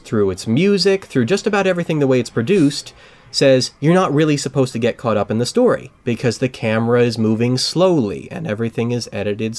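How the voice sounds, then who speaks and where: Animated ranting male podcast host. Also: medium pitch. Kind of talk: casual podcast chat.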